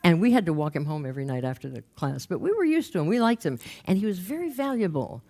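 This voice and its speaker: A woman's voice: on the low side, sing-song, fast talker, warm tone. An older woman telling a personal story in a wry, conversational way. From raised in Los Angeles. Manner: wry, conversational, acts out quoted voices. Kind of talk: storytelling talk.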